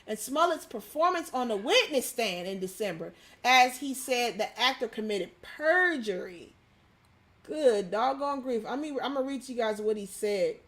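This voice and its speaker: A woman's voice: sits high, a bit bright. A young adult woman hosting a livestream, reading news quotes aloud in a chatty way with many ums and asides. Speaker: livestream host.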